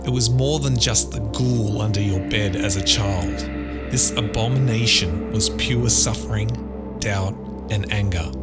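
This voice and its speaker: A man narrating an audiobook of a dark thriller in a measured, dramatic storytelling manner. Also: lowish voice. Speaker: author and narrator. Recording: loud guitar music underneath.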